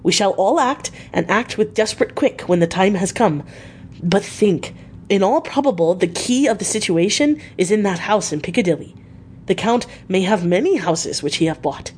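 A woman's voice: mid-range voice, expressive, normal speed, darkish tone, slight background noise, lightly acted. A woman reading a storybook aloud, voicing an elderly foreign male professor who speaks earnestly in broken, formal English. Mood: urgent persuading.

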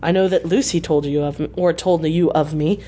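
A man's voice: a little high, steady tone, fairly quick, dark tone, slight background noise, close to an everyday voice. A woman voicing an earnest, embarrassed male doctor who speaks hesitantly and awkwardly.

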